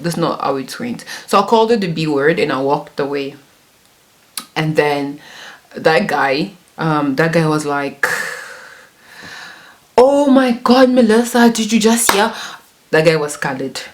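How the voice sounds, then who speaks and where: A woman in her twenties telling a casual story, chatty and self-mocking, laughing often. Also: low voice. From Congo and South Africa. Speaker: YouTuber.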